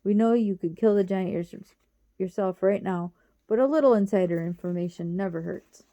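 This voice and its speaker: A woman's voice: medium pitch, normal speed, mellow, lightly acted. A woman reading the lines of a bold, impatient young girl in an urgent, direct way.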